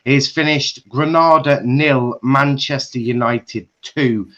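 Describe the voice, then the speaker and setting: A man hosting a football chat stream, introducing the results and handing over to guests in a relaxed, friendly way. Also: medium pitch, slow. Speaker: host. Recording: dull lo-fi call audio.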